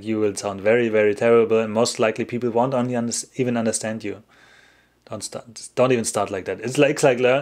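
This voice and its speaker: A man speaks English as he hosts a casual livestream and answers questions from chat. He rambles, breaks off his own sentences and laughs often, at a middling pitch for a man.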